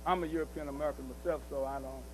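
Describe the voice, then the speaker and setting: A man's voice: on the high side, fairly even intonation, racing, background noise. A man giving a preaching-style speech at a commemorative celebration, hammering his points with repetition and rhetorical questions.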